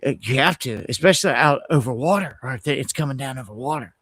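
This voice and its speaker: A middle-aged man hosting a casual livestream, telling a story in an animated, heated way and restarting his sentences often. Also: medium pitch, fast, husky, no room sound. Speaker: host of an independent news livestream.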